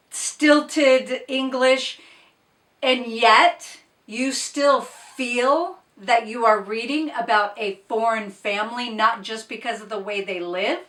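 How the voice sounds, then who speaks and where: A woman talks through her recent books in a slow, unhurried way, giving blunt, opinionated asides. Her voice is bright and a little high. It was recorded at a distance from the mic in an echoey room. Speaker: book reviewer. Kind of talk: casual book wrap-up chat.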